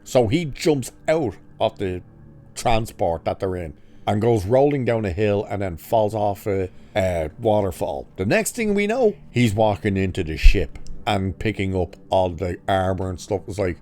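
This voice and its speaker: A man walks through a film's plot in a loose, casual review, dry and sarcastic. He swears freely and throws in exaggerated mock quotes from the characters. His voice sits a little low, with a dark, mellow tone. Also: lively intonation, a little slow, faint music behind. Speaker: movie reviewer. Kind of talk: casual spoiler review recap.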